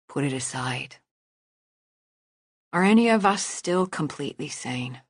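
A woman reading the part of a calm, practical woman who keeps her friend grounded, in a quiet measured way. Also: low voice, no room sound, clean studio sound. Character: steady grown woman, a priestess's loyal friend.

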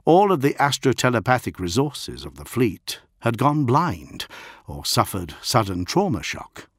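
A man reading a science fiction audiobook in a measured, dramatic way. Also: medium pitch, very animated, slightly rough, dry recording, clean studio sound. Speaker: audiobook narrator. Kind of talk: scripted narration of science fiction.

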